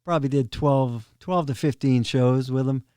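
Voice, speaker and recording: A man's voice: medium pitch, normal speed, mellow, clear, resonant tone, dry recording, clean studio sound. A middle-aged man, a podcast guest telling easygoing, humorous anecdotes. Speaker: guest, drum tech. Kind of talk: casual interview chat.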